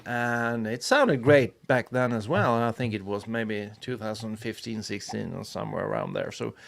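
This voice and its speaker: A man's voice: on the low side, moderate pace, gravelly, fairly bright tone, slight background noise. A man chatting as a panelist on a podcast, enthusiastic and a bit rambling, with many fillers. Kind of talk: casual podcast chat.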